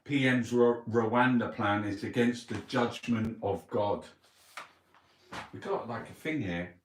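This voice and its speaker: A man's voice: mid-range voice, slow pace, a little hiss or hum. Sweary man ranting, roomy sound. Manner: blunt and sweary, mocking. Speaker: online show host. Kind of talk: casual newspaper review rant. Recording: roomy, from a distance.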